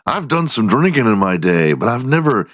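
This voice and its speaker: A man's voice: medium pitch, very animated, normal speed, a bit bright, dry recording. A man hosting a comedy podcast, swearing freely and laughing at his own jokes. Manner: profane, laughs at his own jokes, slips into mock voices. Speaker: podcast host. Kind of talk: crude comedic news rant.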